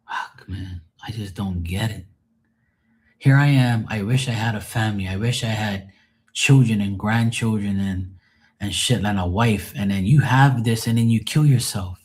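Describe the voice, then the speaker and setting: A man's voice: fairly low pitch, normal speed, darkish tone. A man on a live stream venting in a rambling, emotional monologue, swearing often and sounding drained and sad.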